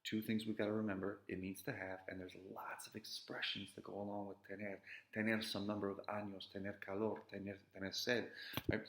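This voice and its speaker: A man with a low, gravelly voice walks students through a grammar review. He talks conversationally and keeps checking in with "right?". The sound carries an echo from the room. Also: fairly bright tone. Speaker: Spanish teacher. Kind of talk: recorded grammar review lesson.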